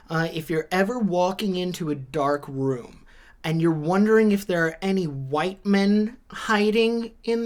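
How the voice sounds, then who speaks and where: A man comedian delivering a scripted comedy monologue with a conversational setup and punchy one-liners. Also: fairly high pitch.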